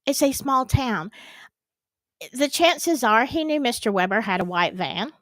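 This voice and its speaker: A woman's voice: a little high, measured pace, no room sound. A woman giving casual, emphatic commentary on a trial, talking directly to her viewers. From American South. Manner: animated, emphatic, talks to the audience. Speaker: true crime commentator.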